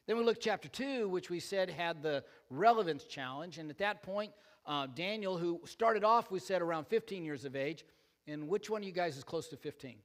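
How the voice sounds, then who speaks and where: A man's voice: high voice, expressive, fairly quick, big-room sound. An older man preaching a sermon as pastor, telling stories with self-deprecating jokes and asides to the congregation. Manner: joking, self-deprecating storyteller. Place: church.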